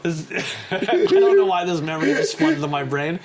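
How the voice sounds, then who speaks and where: A man hosting a casual podcast chat, telling animated stories with lots of swearing. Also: fairly high pitch, moderate pace, a loud crowd. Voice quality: swears a lot, animated storytelling. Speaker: podcast host.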